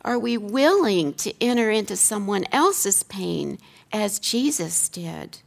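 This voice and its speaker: Earnest woman teaching, slightly gravelly voice. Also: medium pitch, animated, takes it slowly. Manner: earnest, rhetorical questions, emphatic repeats. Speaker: seminary teacher giving a talk. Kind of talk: teaching talk on scripture.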